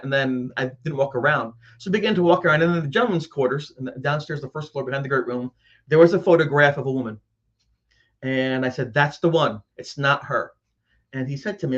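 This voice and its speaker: A man's voice: fairly high pitch, dull audio. A man host telling a personal ghost story to a live audience, acting out his own frightened reactions. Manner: animated storyteller, acts out his own scared voice.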